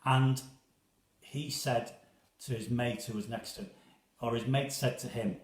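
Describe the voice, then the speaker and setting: Chatty priest with a soft Liverpool accent. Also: male voice, mid-range voice, steady tone, a little slow, long pauses. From England. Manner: chatty, rambling, self-deprecating, with many restarts. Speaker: parish priest. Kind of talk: casual chat to viewers. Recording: roomy echo.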